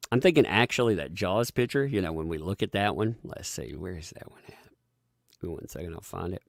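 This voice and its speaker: A man's voice: lowish voice, gravelly, no echo, studio quality. A man hosting a live-stream, chatting sarcastically with frequent laughs and reading out viewer donations.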